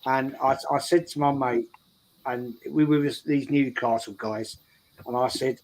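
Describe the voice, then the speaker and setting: A man's voice: mid-range voice, steady tone, unhurried, darkish tone, poor audio. A man telling a rambling story in casual chat, repeating his words as he goes. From England. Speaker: show regular. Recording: faint background noise.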